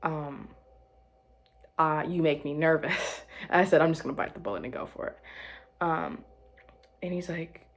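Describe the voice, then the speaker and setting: Young woman, casual vlog chat; low-ish breathy voice, rambling and self-correcting. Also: unhurried, long pauses. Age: young adult. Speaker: vlogger.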